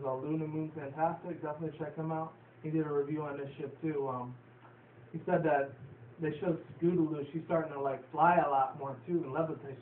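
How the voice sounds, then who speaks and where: A man recapping a cartoon episode in a loose, rambling way, full of fillers and casual swearing. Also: fairly high pitch. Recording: distant, roomy, phone-like, faint hiss.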